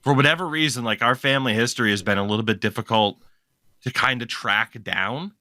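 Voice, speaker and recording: A man hosting a casual hockey podcast, chatty and quick to laugh. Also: mid-range voice, no room sound, clean studio sound. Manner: chatty, laughs often, animated storytelling. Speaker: podcast host.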